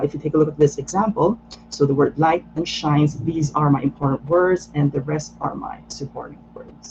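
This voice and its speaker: A man with a fairly high voice leads an online workshop, walking through each step patiently and leaning on "so" and "um" as he thinks. The audio is a little dull, with a faint hum behind him. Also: a little mellow. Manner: patient, explanatory, frequent "so" and "um" fillers. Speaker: lettering workshop instructor. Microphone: video call.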